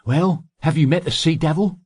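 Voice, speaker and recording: A man voicing a greedy, impatient male schemer who talks brisk and pushy, pitched above the narration. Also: a little mellow, breathy edge, no echo, clean studio sound. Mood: prying.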